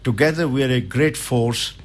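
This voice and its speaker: A man's voice: medium pitch, normal speed. An older man, a studio guest on a radio show, speaking in an earnest, emphatic, motivational way. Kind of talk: radio interview.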